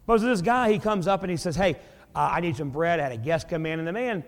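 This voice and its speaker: Folksy preacher in a reverberant hall. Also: male voice, on the high side, expressive, fast talker. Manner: folksy, joking, conversational preaching. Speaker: pastor. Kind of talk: sermon.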